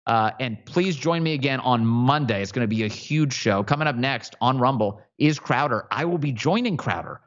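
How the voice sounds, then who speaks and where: A man's voice: mid-range voice, expressive, normal speed, hardly any pauses, dull audio. A man hosting a political commentary show, talking in a sarcastic, mocking, emphatic way. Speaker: host.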